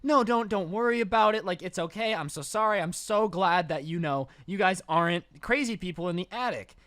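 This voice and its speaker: A man's voice: high-pitched, brisk, fairly bright tone, dry recording, clean studio sound. A man putting on a flustered, stammering young woman in a storytime retelling. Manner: stammering, apologetic.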